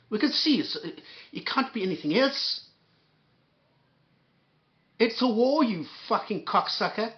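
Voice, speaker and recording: Guy ranting and cussing on his commentary show, stammery, muffled audio. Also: high-pitched. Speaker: commentary host. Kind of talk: angry reaction commentary.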